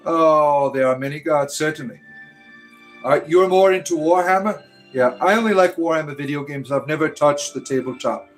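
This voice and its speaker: A man's voice: on the high side, brisk, faint music behind. A man from the United States hosting a casual livestream, reading chat aloud and rambling with frequent "right?" tags.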